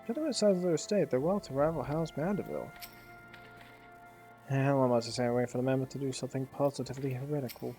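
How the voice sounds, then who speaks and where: A man's voice: mid-range voice, quick pace, warm tone, faint music behind, close to an everyday voice. A man voicing a pompous aristocratic game character in a theatrical, put-on posh accent, reading the lines aloud over a game. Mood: haughty.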